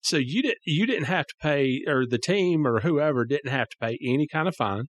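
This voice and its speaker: A man's voice: fairly high pitch, animated, moderate pace. A man hosting a podcast, reacting briefly and asking follow-up questions. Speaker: podcast host. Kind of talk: interview.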